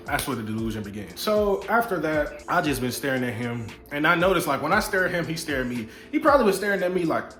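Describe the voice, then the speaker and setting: Eating as he films, a young man tells a laid-back storytime full of slang, cursing, and playful side comments. His mid-range voice moves fairly quickly with lively intonation, and the echoey room has music playing.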